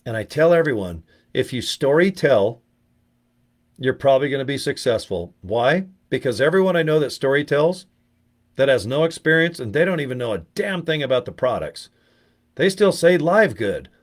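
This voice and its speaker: A man's voice: mid-range voice, moderate pace. Sweary, rambling middle-aged man vlogging. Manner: profane, rambling, animated storytelling. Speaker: network marketing vlogger. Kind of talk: casual talking-head chat.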